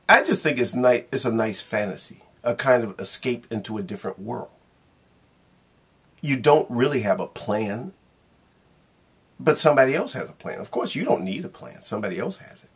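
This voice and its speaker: Man vlogging, rambling, wry, gravelly voice. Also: medium pitch. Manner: rambling, wry, laughs at himself. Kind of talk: casual reflective monologue.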